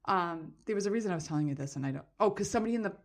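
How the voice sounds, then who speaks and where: A middle-aged woman co-hosting a casual podcast, telling stories in a playful way. She laughs often and drifts between topics. Her voice sits at an ordinary pitch. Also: animated, racing. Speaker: podcast co-host. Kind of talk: casual chat.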